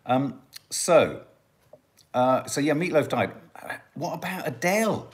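Chatty man, lively pitch. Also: slow. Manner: chatty, jokey, musing aloud. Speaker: host of a family livestream. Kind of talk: casual live chat, reading out viewer comments.

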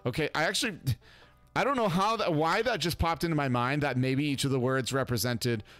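A man hosting a gaming channel, giving chatty, excitable let's-play commentary. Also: on the high side, brisk, no room sound, faint music behind.

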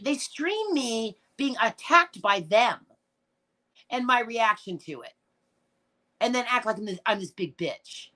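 In this relaxed live chat, a middle-aged woman hosts a stream, reads comments aloud and fires back with raw emotion and frequent cursing, sometimes close to tears. She speaks in a mid-range voice with a sharp edge.

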